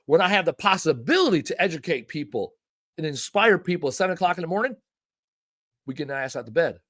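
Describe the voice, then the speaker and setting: A man's voice: fairly high pitch, fast talker. A man hosting a podcast in casual chat, talking in an emphatic, folksy way and swearing freely. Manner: animated, emphatic, folksy and profane. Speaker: podcast host.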